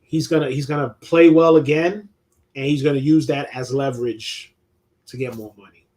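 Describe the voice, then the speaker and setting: A man's voice: mid-range voice, fairly even intonation, moderate pace, a little mellow. A middle-aged man, hosting a loose live chat, reading viewer questions and talking sports with lots of swearing and restarts. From New York. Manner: laid-back, swears freely, many restarts and laughs. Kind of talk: casual live-stream chat.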